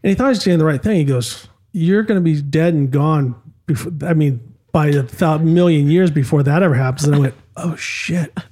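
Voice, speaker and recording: Animated middle-aged man telling stories. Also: on the high side, a little fast. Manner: animated storyteller, frequent restarts and acted quotes. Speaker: podcast guest, former motocross and off-road truck champion. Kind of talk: casual interview storytelling.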